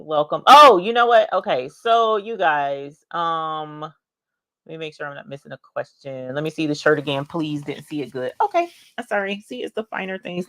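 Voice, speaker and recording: A woman hosting a casual craft livestream, chatting and greeting viewers by name with drawn-out exclamations. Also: low voice, fairly bright tone, no room sound, clean studio sound.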